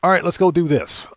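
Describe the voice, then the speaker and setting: Hosting a live gaming stream, a man chats casually with viewers while he plays and laughs easily. His voice is a little high, and there's a slight hiss or hum on the recording.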